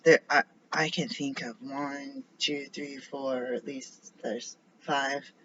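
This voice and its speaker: A man talks through a loose, rambling vlog, wandering from one topic to the next and often sinking into a half-whisper. His voice sits at an ordinary middle pitch. The recording is a little muffled, with a faint hiss behind it. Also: level tone, slow, bright, forceful tone. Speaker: vlogger. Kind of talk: casual rambling monologue. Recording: slightly dull lo-fi recording with faint noise.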